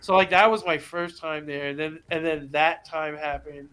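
A man with a slightly raised speaking pitch tells a story as a podcast guest. His delivery is casual and animated, and he drops into the voices of the people in it, with plenty of swearing along the way. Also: moderate pace, smooth. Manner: animated, acts out voices in anecdotes, swears freely.

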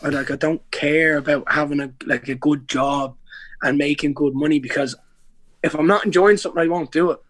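A man's voice: on the high side, steady tone, a little fast, fairly bright tone, dry recording. A young Irish man in a casual podcast interview, telling stories in a rambling way with many restarts and slang. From Ireland. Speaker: guest, pro MMA fighter.

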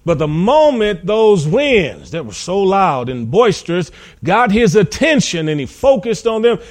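Male preacher, higher register, storytelling sermon that swells to emphatic peaks. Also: big pitch swings, unhurried. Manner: storytelling, acting out voices of biblical figures; rises to loud, emphatic peaks.

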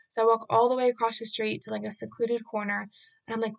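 A woman's voice: fairly high pitch, little pitch movement, fast, gravelly, a bit bright. A woman vlogger casually retelling an anxious day in a rambling way, acting out bits of dialogue. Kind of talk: casual storytelling vlog.

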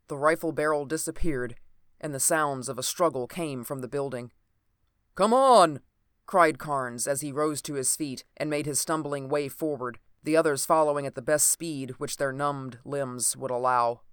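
A narrator reading an old adventure novel aloud in a steady, even storytelling manner. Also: mid-range voice, moderate pace, clean tone, no echo, studio quality.

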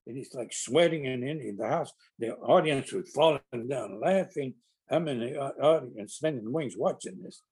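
Husky older man telling showbiz stories. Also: mid-range voice, darkish tone. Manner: rambling with many restarts, acting out quoted lines. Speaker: actor guest. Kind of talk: anecdotal storytelling in conversation.

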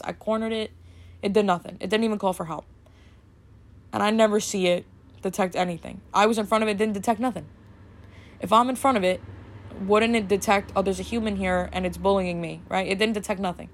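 A woman hosting a casual solo podcast, rambling and chatty with lots of fillers, a little snarky and brisk. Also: mid-range voice, steady tone. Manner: rambling and chatty, full of "like" and "you know"; brisk, slightly snarky delivery. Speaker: podcast host.

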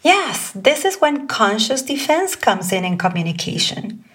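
A woman teaches about communication in an unhurried, measured lesson. Her voice sits a bit high and carries a faint huskiness. She sounds set back from the microphone. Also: sing-song, fairly bright tone, husky, distant mic. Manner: slow, deliberate, reading example phrases aloud. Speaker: communication coach. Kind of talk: calm instructional talk.

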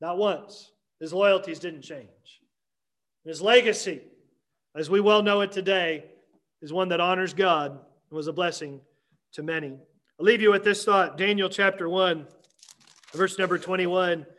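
A man preaching a Sunday morning sermon as pastor, emphatic with dramatic pauses and repetition. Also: high voice, steady tone, fairly bright tone.

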